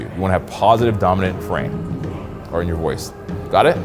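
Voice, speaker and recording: A man's voice: sits low, lively intonation, fairly quick, long pauses, over music. A man coaching in person, talking casually and with swearing, often acting out sample lines of dialogue. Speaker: social skills coach. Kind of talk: live in-person coaching demonstration.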